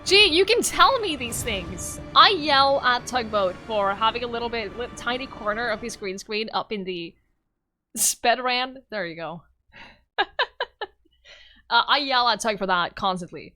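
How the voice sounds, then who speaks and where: A woman's voice: a little high, animated, measured pace, pushed and bright, soft background music. A woman streaming a game live, talking playfully to chat, laughing often and yelping whenever her character gets hit. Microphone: microphone in front of her face.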